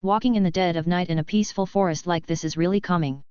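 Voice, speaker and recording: Smooth woman's voice reading a novel. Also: on the low side, fairly even intonation, fast, a little mellow, dry recording, highs cut off. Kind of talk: audiobook narration of a web novel.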